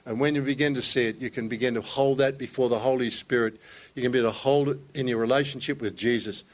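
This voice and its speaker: A man's voice: medium pitch, steady tone, fast. An older man delivering a sermon. He tells stories with emphasis and builds to raised, fervent passages. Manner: storytelling, emphatic, rising to raised intensity. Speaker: pastor.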